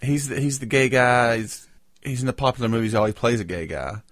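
A man's voice: mid-range voice, brisk, no echo, clean studio sound. Rambling, joking male podcast co-host. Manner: rambling, joking, animated storytelling. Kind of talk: casual chat.

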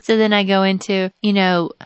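Animated storytelling mom, dry sound. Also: female voice, moderate pace, clean tone, dry recording. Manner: animated storytelling, acts out child's voice in high pitch. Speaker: podcast co-host, mother. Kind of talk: casual chat.

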